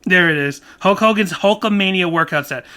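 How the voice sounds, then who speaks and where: A man co-hosting a podcast, chatting casually about a song, animated and laughing often as his thoughts run on. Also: sits high, fairly quick, clear, resonant tone. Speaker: podcast co-host. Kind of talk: casual chat about music.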